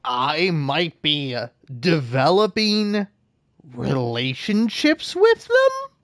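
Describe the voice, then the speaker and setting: A man's voice: fairly high pitch, huge pitch swings, slow, a bit bright, no echo, clean studio sound. A man giving profane, ranting gameplay commentary, often laughing at his own jokes. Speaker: gameplay streamer.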